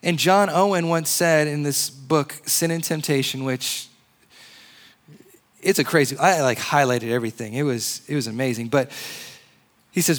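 A man's voice: on the high side, moderate pace. Casual, conversational male preacher. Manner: conversational, animated, uses "like" a lot. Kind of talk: casual sermon.

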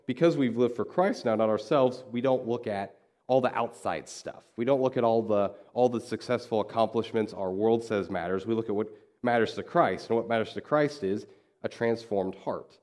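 A man's voice: on the low side, moderate pace, darkish tone. A man preaching a sermon in a conversational way, telling a story and acting out the dialogue. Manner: conversational, acts out quoted dialogue. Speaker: pastor. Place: church.

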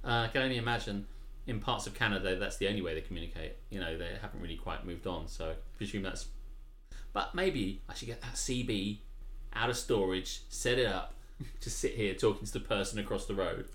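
A man's voice: on the low side, a little fast, fairly bright tone, reverberant. A man with a refined southern English accent co-hosting a live stream from home, chatting playfully and reading the chat. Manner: playful, bursts into laughter, reads the chat. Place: home room.

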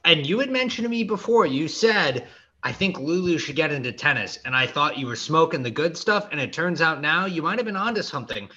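A man's voice: fairly high pitch, lively intonation, brisk, bright, forceful tone, husky. Dry-witted man with a dull lo-fi mic. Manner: dry, teasing wit. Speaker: podcast co-host. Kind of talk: casual tennis podcast chat.

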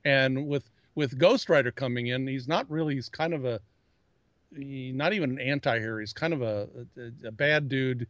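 A man co-hosting a laid-back pop-culture podcast speaks at a moderate pace in a medium-pitched, fairly bright voice on a dry recording. He rambles, often restarts his sentences, and calls himself a geek.

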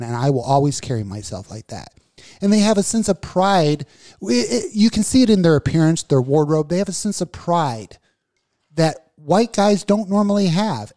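A slightly high-voiced man rants through a casual radio talk show, swearing freely as he co-hosts. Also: darkish tone. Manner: profane, impassioned ranting. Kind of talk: casual podcast chat.

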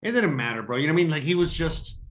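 Fast-talking man rambling with swearing. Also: sing-song. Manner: rambling, swears a lot, many fillers like "you know what I mean"; acts out heated quotes with sudden loud high bursts. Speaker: expat services provider telling a story. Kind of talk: casual storytelling chat.

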